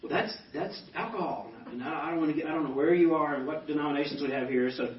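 A man with a voice pitched a little high tells his testimony in a lively, self-mocking way, as a pastor speaking at a banquet. He is picked up from across an echoey hall on a dull-sounding mic, with faint room noise underneath. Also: racing, far from the mic. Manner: animated storytelling with self-deprecating humor. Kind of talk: personal testimony to a banquet audience.

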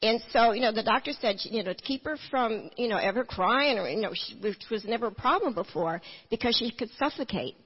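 A woman's voice: a little high, expressive, a little fast, few pauses, breathy edge, big-room sound, dull audio. A woman telling her personal testimony in church, earnest and full of restarts. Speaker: testimony speaker.

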